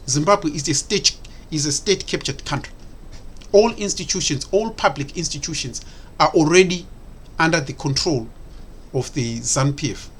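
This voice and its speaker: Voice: mid-range voice, husky. A political commentator giving an impassioned solo monologue, repeating points and asking rhetorical questions, with frequent hesitant fillers. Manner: emphatic and repetitive, with rhetorical questions.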